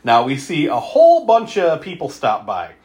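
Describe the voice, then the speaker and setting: A man's voice: on the high side, moderate pace, reverberant, muffled recording. A man co-hosting a podcast, recapping a movie in casual chat, laughing often and acting out the characters' lines. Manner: animated, laughs a lot, acts out quotes. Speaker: podcast co-host.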